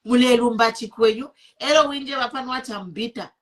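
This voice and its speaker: A woman's voice: on the high side, fairly quick. A woman with a Zambian accent, hosting an online show and giving impassioned political commentary, indignant and switching between English and Bemba.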